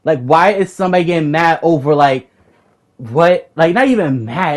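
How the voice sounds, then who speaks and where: A man's voice: on the high side, animated, moderate pace. A young man telling a heated story about an argument with another player, swearing often and rambling as he repeats himself. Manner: profane, rambling, repeats himself when worked up. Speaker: gamer recounting a raid group argument.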